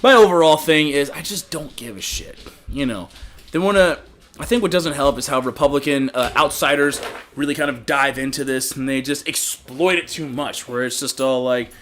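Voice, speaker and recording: A man's voice: mid-range voice, normal speed, fairly bright tone, slight background noise. A young man hosting a casual livestream podcast, rambling loosely, swearing freely and laughing often. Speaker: podcast host.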